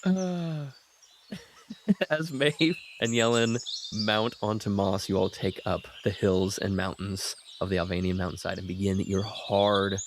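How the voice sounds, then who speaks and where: Deep-voiced man narrating a tabletop game. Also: background noise. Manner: descriptive, steady narration. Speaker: game master.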